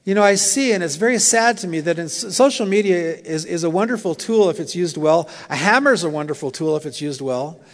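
A man's voice: a little high, animated, a little fast, few pauses. A male pastor preaching a sermon in a conversational, storytelling way with light humor. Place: church. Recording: long reverb of a church hall.

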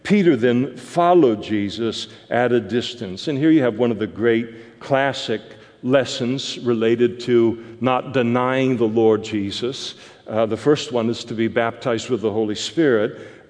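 A man's voice: mid-range voice, unhurried, darkish tone. Man preaching in a reverberant hall. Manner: many fillers and restarts, rising to emphatic peaks. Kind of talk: verse-by-verse sermon.

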